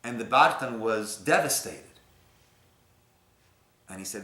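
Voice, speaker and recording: A man's voice: fairly low pitch, lively intonation, takes it slowly, pauses often. Man teaching in an echoey room. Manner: storytelling, swings from soft to emphatic. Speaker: rabbi. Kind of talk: Torah class discussion. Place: synagogue room.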